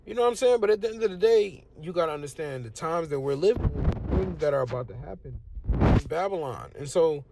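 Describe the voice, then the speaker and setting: A man's voice: on the high side, expressive, fairly quick, vocal fry, background noise. A young man from the United States giving a casual religious testimony, preachy and conversational. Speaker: testimonial speaker.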